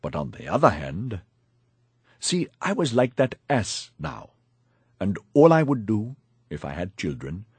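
A man's voice: on the low side, wildly swooping pitch, a little slow, darkish tone, breathy edge, no echo. A man narrating a first-person audiobook in a wry, confiding storytelling manner, on a close studio mic.

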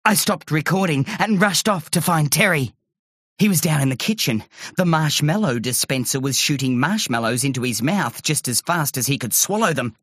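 A woman reading a children's story aloud in a lively, expressive way. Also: low-pitched, slightly rough, no echo, studio quality. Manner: lively, quick expressive narration. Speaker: narrator.

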